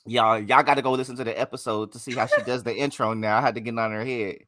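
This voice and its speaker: A man's voice: mid-range voice, steady tone, quick pace, fairly bright tone. A man co-hosting a live podcast in loose, profane banter, laughing often. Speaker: podcast co-host. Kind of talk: casual live podcast chat.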